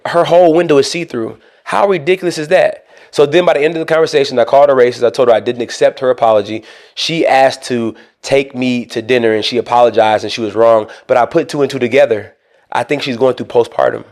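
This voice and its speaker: A man co-hosting a podcast, telling a long story in a casual, animated way and acting out both sides of an argument. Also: mid-range voice. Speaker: co-host.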